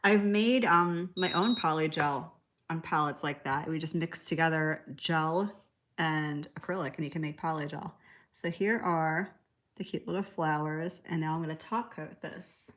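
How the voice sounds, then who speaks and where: A woman's voice: deep voice, normal speed, a bit bright. A woman hosting a live nail art tutorial, chatting casually, answering viewer comments and laughing easily. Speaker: nail art livestream host.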